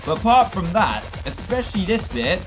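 An excitable man narrates his gameplay, his voice swinging widely up and down as he exclaims and laughs. Faint game music plays quietly behind him. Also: high voice, moderate pace. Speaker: gaming YouTuber. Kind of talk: let's-play gaming commentary.

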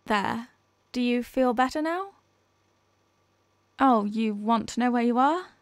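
Shy yandere girl stammering slow and nervous, kinda high voice, dry close sound , a woman acting it out. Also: lively intonation, no echo. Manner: stammering, halting, anxious. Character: shy nervous obsessive young woman kidnapper. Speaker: ASMR role-play performer. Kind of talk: audio role-play.

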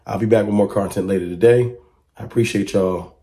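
A man giving casual fan commentary to camera, talking emphatically and asking a stream of rhetorical questions. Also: brisk. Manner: rises to excited high-pitched exclamations when reacting to clips.

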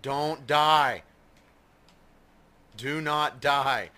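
A man's voice: fairly high pitch, extremely slow, sharp tone. A man watching his friend play a game, teasing and mocking him in casual banter. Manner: teasing, mocking, laughs a lot. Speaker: let's play co-host watching.

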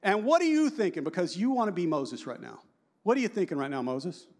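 Animated, high-voiced man in his fifties. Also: fast. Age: 50s. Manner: animated and joking, asks the audience questions. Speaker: conference speaker. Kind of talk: lively conference talk to a live audience.

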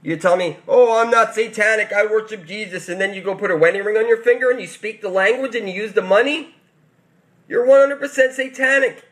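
A man delivering a rambling, preachy conspiracy rant straight to his audience, swinging between loud outbursts and muttered asides. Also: sits high, brisk. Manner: preachy, emphatic, keeps calling out to 'people'. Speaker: channel host.

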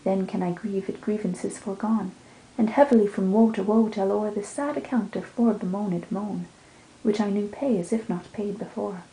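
A woman reviewing books and reading poems aloud in a measured, lilting cadence. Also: mid-range voice, warm tone. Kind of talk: book talk with poetry readings. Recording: roomy sound with music underneath.

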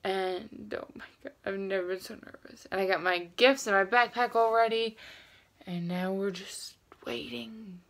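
A young woman, talking excitedly and gushingly to the camera in a casual vlog, repeating herself as she goes. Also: mid-range voice, moderate pace. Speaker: vlogger.

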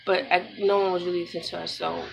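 A young woman from New York talking in a casual personal vlog, subdued and halting, with many fillers and restarts. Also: on the low side, little pitch movement, gravelly, heavy background noise. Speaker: vlogger, mother.

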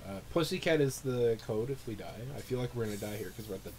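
A young man recording let's play commentary, swearing and swinging from low muttering to sudden shrieks of disgust. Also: animated, fast talker, darkish tone, slight background noise. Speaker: gamer, channel host.

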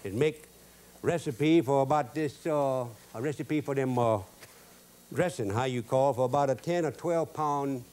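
A man's voice: medium pitch, darkish tone. A man with a Cajun accent hosting a cooking show, telling folksy stories in a drawl with loose Cajun grammar. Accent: Cajun Louisiana. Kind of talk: folksy cooking demo with jokes.

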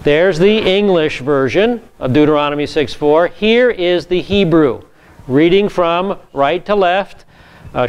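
A man's voice: on the high side, measured pace, smooth, dull audio. A man, a pastor, giving a methodical Bible teaching session from slides and repeating key words for emphasis.

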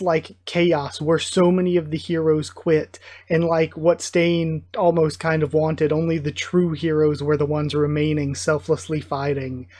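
A man's voice: a little high, darkish tone. A man hosting a live manga reading reaction, commenting in an enthusiastic, gushing fan manner. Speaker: reaction video host.

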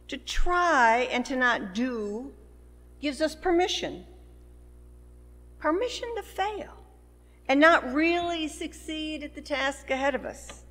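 Slow-preaching woman pastor in a reverberant church. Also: sits high, lively intonation, fairly bright tone. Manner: slow, measured preaching with rising emphasis. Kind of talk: sermon. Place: church sanctuary. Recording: long church hall reverb.

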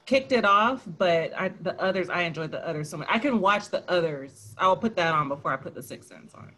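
High, bright man in casual chat. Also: animated, a little fast. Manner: playful, lapses into joke accents. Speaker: podcast co-host.

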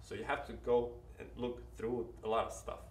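A man's voice: medium pitch, level tone, normal speed, reverberant, far from the mic, slight background noise. A man with a Ukrainian accent, an actor giving earnest advice in an interview, often restarting his sentences. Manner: earnest, advising, with many restarts. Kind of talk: casual interview talk.

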